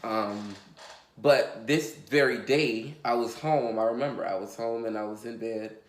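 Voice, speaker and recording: Speaking to the camera, a vlogger tells a confessional storytime in an unhurried, rambling, emotional way, full of fillers and swearing. His pitch is an ordinary middle, and the space sounds roomy and echoey.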